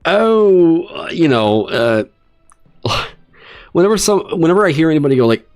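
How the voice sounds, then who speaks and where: A man hosting a livestream, talking casually and swearing in exasperated, animated rants. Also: a little high, normal speed, faint music behind. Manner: animated, profane ranting with exasperated asides. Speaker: streamer hosting a dungeon design stream.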